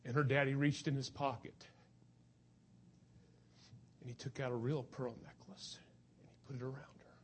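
A man's voice: medium pitch, flat delivery, moderate pace, long pauses, a little hiss or hum. A man preaching a sermon in an earnest, emotional, urging manner.

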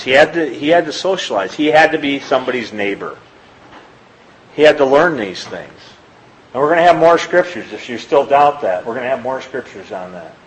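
A man's voice: a bit bright, poor audio. A man giving an informal sermon, reading scripture aloud and talking plainly to his listeners. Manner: conversational, reads scripture aloud, rises in pitch when pressing a point. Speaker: lay preacher.

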